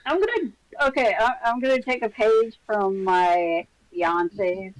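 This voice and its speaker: A woman's voice: mid-range voice, measured pace, no room sound, rough recording. Giggly woman player with a dry close sound. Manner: playful, giggly, crude jokes. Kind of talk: casual tabletop play.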